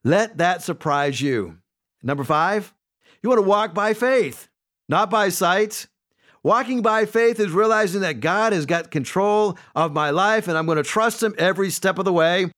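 A man with a notably high voice preaches to his congregation. He walks through his points one by one as a pastor and slips into the voices of the people he quotes. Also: animated, unhurried, fairly bright tone. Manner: preaching, numbered points, acts out quoted speech. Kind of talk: sermon.

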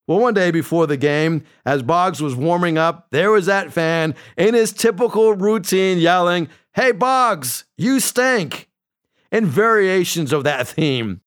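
A man preaching a sermon, slowing down to read scripture and lifting his voice for emphasis. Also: a little high. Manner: preaching with emphatic rises and slowed scripture readings. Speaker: pastor.

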